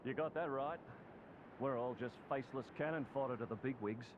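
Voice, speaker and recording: An actor voicing a cynical Australian soldier. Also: male voice, mid-range voice, brisk, lightly acted. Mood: resigned. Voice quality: resigned, cynical. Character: weary cynical male soldier. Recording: muffled distant game audio with noise.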